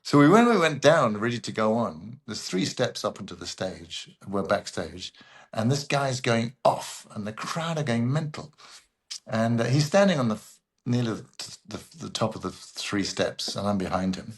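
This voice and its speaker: A man, a guest voice actor, telling animated anecdotes and acting out the people in them. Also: lowish voice, normal speed. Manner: animated raconteur who acts out other people. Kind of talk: anecdotal interview storytelling.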